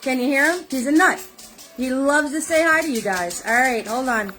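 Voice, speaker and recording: High-voiced chatty woman hosting a paint class. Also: normal speed, background noise. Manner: chatty and upbeat, calls viewers sweetheart. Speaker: paint party host. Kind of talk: live online painting class chat.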